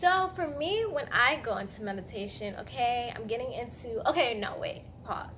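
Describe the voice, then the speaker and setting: A young woman talks straight to camera about meditation and intuition, chatty and earnest, with plenty of fillers. Her voice sits a little high. A faint hiss of background noise runs under the recording. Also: moderate pace, a bit bright. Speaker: meditation vlogger. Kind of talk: casual talk to camera.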